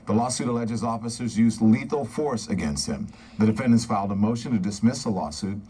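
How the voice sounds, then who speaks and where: A man anchoring a news broadcast in a steady, formal read. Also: on the low side, a little fast, husky.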